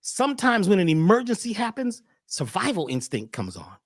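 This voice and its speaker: Animated, preachy man with lively pitch. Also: moderate pace, slightly rough, dry recording, studio quality. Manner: animated, preachy, repeats words when starting. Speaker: guest. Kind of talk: casual podcast talk.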